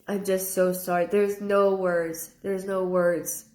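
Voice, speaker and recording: A woman's voice: mid-range voice, level tone, slow pace, a little mellow. Woman medium, earnest, repeats herself; live reading in a reverberant room. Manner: earnest, repeats phrases, relays a spirit's words in first person. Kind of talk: live-stream spirit reading.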